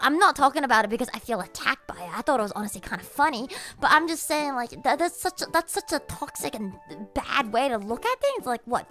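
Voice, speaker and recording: A woman streaming and chatting casually, with a sarcastic edge and plenty of swearing. Her voice sits high and bright, and it swings widely up and down as she talks. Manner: sarcastic, swears freely, laughs often.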